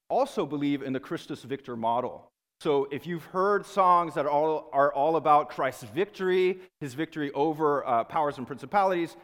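A man gives a lecture to a room of students, lively and chatty, often stopping to check in with the class. His voice sits a little high for a man. The long reverb of a big hall hangs after his words.

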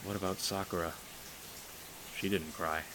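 A man reading aloud and voicing a young prince, a self-doubting youngest brother who speaks quietly or rants bitterly. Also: sits low, fairly even intonation, moderate pace, background noise, natural voice. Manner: quiet, then ranting and shouting in frustration.

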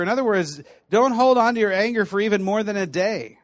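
Preaching at a fairly quick pace with hardly any pauses, a man with a fairly high voice teaches through animated, chatty storytelling punctuated by laughs. His audio is dry and close, free of any echo.

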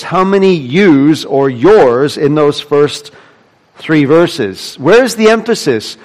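A man's voice: medium pitch, darkish tone, poor audio. A man preaching a sermon as pastor, explaining a psalm with rhetorical questions and emphatic repetition.

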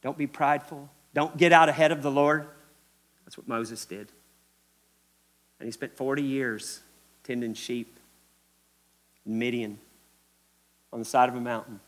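Preaching in a church, a Kentucky pastor with the local accent speaks in a steady, fairly bright mid-range voice, unhurried and with long pauses. He stresses key phrases through repetition and addresses the congregation directly.

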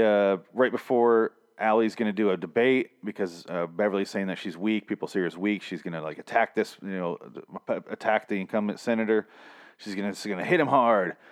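A man with a rather low voice recapping a TV season in a loose, rambling way. He swears freely and keeps cracking jokes and going off on tangents. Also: a little fast. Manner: rambling, profane, wisecracking. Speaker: TV show reviewer. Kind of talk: casual recap vlog.

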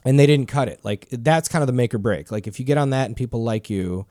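A man's voice: medium pitch, fast, dark tone, dry recording, clean studio sound. Rambling casual podcast man. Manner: rambling, loose, swears often. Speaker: podcast host. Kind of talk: casual chat.

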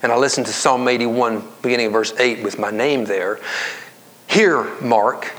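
A male pastor giving a conversational sermon that climbs to emphatic, high-pitched stress and drops to hushed whispers. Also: fairly even intonation, brisk. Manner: conversational preaching, rising to emphatic highs and dropping to whispers.

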